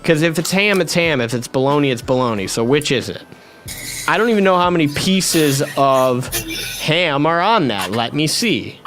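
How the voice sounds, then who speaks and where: A man's voice: fairly high pitch, animated, moderate pace, background noise. A man hosting a livestream, bossy and profane as he gives orders. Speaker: livestream host. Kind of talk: livestream chat.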